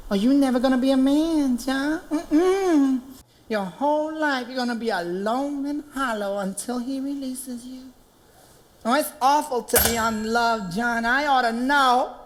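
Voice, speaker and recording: A man's voice: very high voice, slight background noise. A man doing a scolding, fed-up Latina wife. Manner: scolding, bitter, dramatic.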